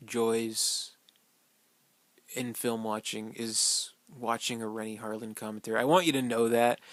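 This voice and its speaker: A man talking through a film in a loose fan commentary, rambling and a little profane, with plenty of fillers and stray chuckles. His voice sits at an ordinary middle pitch. The sound is close and dry, with no room around it. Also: creaky, pushed and bright, no echo.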